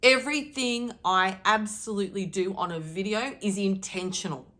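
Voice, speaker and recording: A middle-aged woman delivering a channeled daily message to her viewers, emphatic and animated, deliberately shifting her tone to stir emotion. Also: mid-range voice. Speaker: spiritual card reader.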